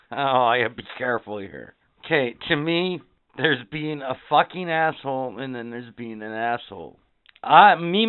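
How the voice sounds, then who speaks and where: A man's voice: mid-range voice, clear, resonant tone, no echo. A man co-hosting a podcast in crude casual chat, dry and sardonic, swearing freely. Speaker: podcast co-host. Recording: dry tinny phone-like audio.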